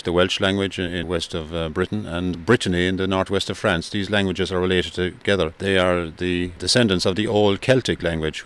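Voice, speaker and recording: A man with a Kerry Irish accent, a walking tour guide explaining things in an unhurried way with fillers in a radio travel interview. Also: sits low, fairly bright tone, smooth. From Ireland.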